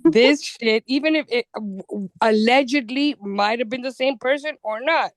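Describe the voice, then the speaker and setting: Laughing, animated woman podcast co-host. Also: on the high side, normal speed, dry recording. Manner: animated, laughs often, stammers into restarts. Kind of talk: casual chat.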